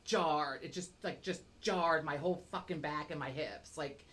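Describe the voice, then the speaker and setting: A woman's voice: low-pitched, normal speed, fairly bright tone. Foul-mouthed woman telling a rambling story. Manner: rambling, swears constantly, self-deprecating storytelling. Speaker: podcast co-host. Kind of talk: casual chat.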